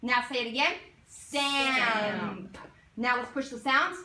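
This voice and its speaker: A woman teaching a phonics lesson to young children, sounding out words slowly and asking coaxing questions. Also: a little high. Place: classroom. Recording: roomy classroom from far off, faint noise.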